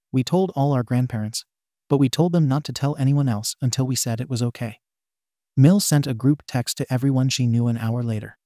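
A man's voice: mid-range voice, mellow, no room sound, clean studio sound. A man narrating a forum story aloud, reading abbreviations letter by letter.

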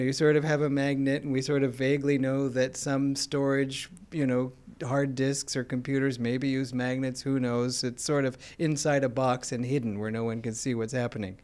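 A man with an American accent giving an informal spiritual talk, explaining in a conversational way with gentle humor. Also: fairly high pitch. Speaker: spiritual teacher.

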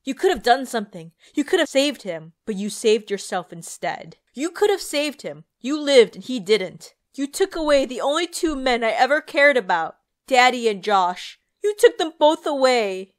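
A woman's voice: medium pitch, takes it slowly, hardly any pauses, clear, resonant tone, lightly acted. A woman voicing an unhinged teenage girl who shrieks frantic accusations during a dramatic read-aloud. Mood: shrieking, accusing.

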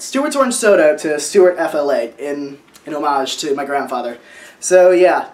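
A man in his twenties, vlogging casually at home, who talks in a rambling, sentimental way with lots of fillers and restarts. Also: fairly high pitch. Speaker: vlogger showing family artwork. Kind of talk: casual show-and-tell vlog. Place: at home, indoors.

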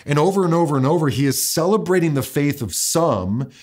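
A man's voice: a little high, expressive. Casual, conversational male pastor. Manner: casual, repeats words and restarts often, slows down to stress quoted verses. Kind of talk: conversational sermon.

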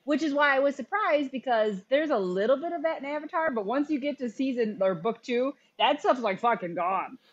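A woman co-hosting a podcast in casual chat, blunt, animated and opinionated. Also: high-pitched, brisk, few pauses, highs cut off. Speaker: podcast co-host.

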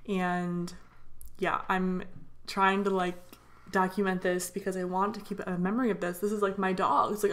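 A tired young woman vlogger in a casual voiceover, rambling excitedly with lots of fillers. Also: mid-range voice. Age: young adult. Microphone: voiceover mic.

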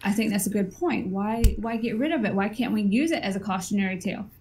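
A woman's voice: mid-range voice, quick pace, a little mellow, slight background noise, rough recording. A woman co-hosting a casual podcast chat, telling stories in a rambling way with lots of ums. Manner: rambling storyteller, many ums. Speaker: podcast co-host.

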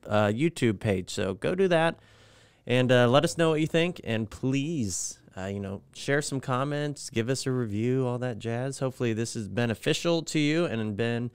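Young male pastor, clear smooth tone, dry close sound, easygoing podcast banter. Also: medium pitch, no room sound. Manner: relaxed, joking, hesitant with fillers. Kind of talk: casual podcast chat.

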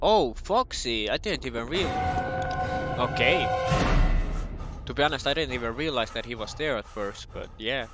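A young man gives loose, jokey commentary on a horror game. He swears freely and talks straight at the characters. His pitch swings widely, and steady background noise sits under the voice. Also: moderate pace. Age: young adult. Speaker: gameplay commentator. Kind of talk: casual gaming commentary.

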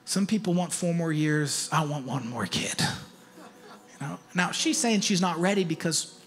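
Animated male pastor preaching a sermon. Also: a little high, unhurried, soft background music. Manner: conversational and animated, rising to shouted exhortation. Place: church auditorium.

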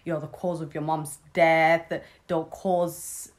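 A woman's voice: deep voice, little pitch movement, slow. A young woman voicing her scornful, nagging mother-in-law while retelling a story. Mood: scolding. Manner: nagging, scolding.

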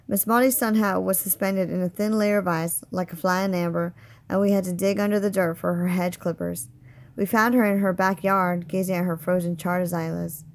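A woman teacher reading a novel aloud in a steady, expressive way. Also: lowish voice, fairly quick.

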